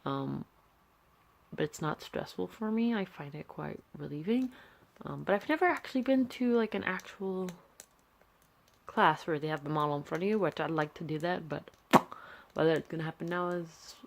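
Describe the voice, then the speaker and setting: This young art vlogger's voice sits low, with vocal fry, lively intonation and a moderate pace. She chats casually on a handheld camera, rambling and restarting, with many fillers.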